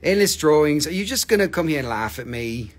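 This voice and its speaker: Man, live sales host, playful and joking, fairly high voice, chats with viewers. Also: animated, fairly quick. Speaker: host selling crystals on a livestream. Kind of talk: live sales stream chat.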